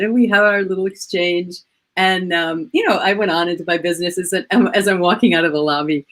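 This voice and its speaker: A woman in her fifties, a guest coach, chatting casually at home over a video call and telling animated stories. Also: lowish voice, a little fast. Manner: animated, acts out quoted voices. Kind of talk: casual storytelling chat.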